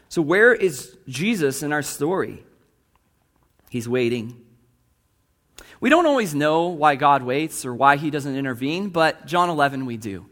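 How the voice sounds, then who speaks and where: A man's voice: on the high side, big pitch swings, a little slow, a bit bright. A male pastor preaching a sermon with earnest delivery, posing rhetorical questions to the congregation and reading long quotations aloud.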